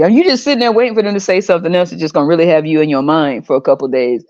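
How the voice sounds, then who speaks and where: A woman's voice: on the low side, animated, fast, a little mellow. A woman hosting her own podcast, ranting in a blunt, profane and sarcastic way. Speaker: podcast host. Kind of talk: casual podcast rant. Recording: dull lo-fi recording.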